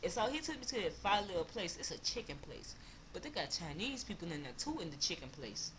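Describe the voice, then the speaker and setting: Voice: medium pitch, very animated, fairly quick, noisy background. A young adult of about twenty from Louisiana, with a Louisiana accent, telling a loose, slangy storytime vlog. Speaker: vlogger.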